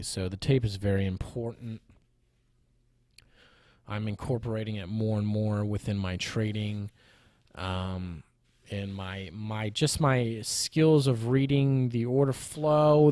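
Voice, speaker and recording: A man talking through his day's futures trades in a casual screen-share review, rambling with many pauses and restarts. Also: on the low side, darkish tone, no room sound, clean studio sound.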